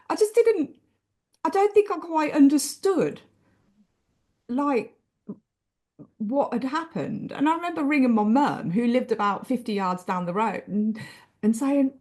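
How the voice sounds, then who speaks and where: An English woman with a fairly high-pitched voice, talking through her memories in a loose, chatty way. Expressive and quick to restart her sentences, a guest in a relaxed interview. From England. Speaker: author guest. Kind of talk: casual interview storytelling.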